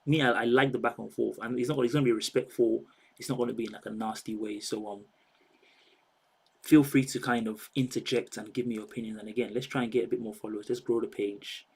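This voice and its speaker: A man's voice: medium pitch, fairly even intonation, quick pace, gravelly, darkish tone, slightly rough, poor audio. A man hosting a live stream, chatting and rambling straight to his viewers. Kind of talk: casual live-stream chat.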